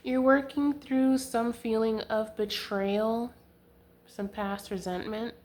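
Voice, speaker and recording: A woman's voice: on the high side, fairly even intonation, slow, a little mellow, a little hiss or hum. A young woman giving a casual tarot reading to camera, chatty and giggly, full of fillers, talking into a handheld camera. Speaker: tarot reader. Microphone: handheld camera mic.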